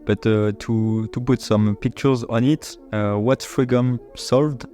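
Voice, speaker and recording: A man's voice: mid-range voice, steady tone, slow, warm tone, soft background music. A man hosting a casual podcast interview, hesitating as he searches for English words. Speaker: podcast host.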